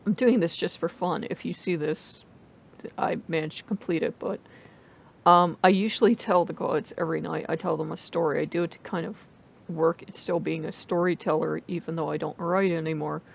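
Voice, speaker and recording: A woman's voice: deep voice, fairly even intonation, moderate pace, vocal fry, dull audio. A woman telling a story in a loose, chatty way, with many fillers. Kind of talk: casual spoken storytelling.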